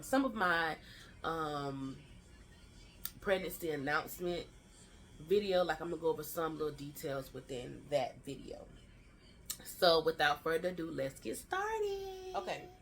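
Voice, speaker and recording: Woman in her 30s doing a storytime vlog, kinda low voice, animated and slangy. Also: slight background noise. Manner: animated storytelling, acts out quoted family lines; chatty and slangy, fillers like "child" and "y'all". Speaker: vlogger.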